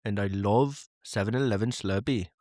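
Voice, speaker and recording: A man's voice: fairly low pitch, darkish tone, no room sound, clean studio sound, natural voice. A man putting on a stiff Indian-accented announcer. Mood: formal announcing. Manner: stiff, formal announcing with halting restarts. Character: man from India, formal, stiff podcast co-host.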